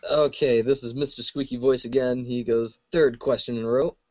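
A man's voice: medium pitch, steady tone, moderate pace, darkish tone, dry recording. Man co-host over muffled audio. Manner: asks questions, reads listener questions. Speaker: podcast co-host. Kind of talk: casual podcast chat.

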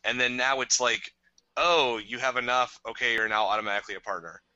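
A man in casual podcast conversation with a strikingly bright, edgy voice. He is recorded close and dry, with no room sound. He talks in loose, rambling runs and breaks into laughter often. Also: mid-range voice, clear, resonant tone, no echo, lo-fi sound. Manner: chatty, laughs often, drawn-out rants. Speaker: podcast co-host.

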